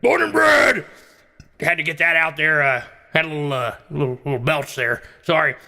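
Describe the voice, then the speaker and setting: A man's voice: fairly high pitch, fairly even intonation, brisk, pushed and bright, raised voice. A man voicing a blustering Texan talk-show host who rambles with many fillers, in an echoey hall. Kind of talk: comedy sketch role-play.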